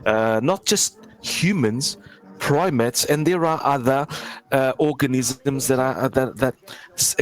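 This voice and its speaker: A man's voice: medium pitch, takes it slowly, rough recording. A man talking casually in a group discussion, rambling and stumbling over his words.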